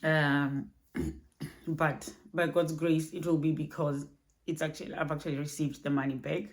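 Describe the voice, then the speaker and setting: A woman speaking softly and haltingly in a personal vlog recorded at home at night, low on energy. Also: little pitch movement. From Australia. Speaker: vlogger.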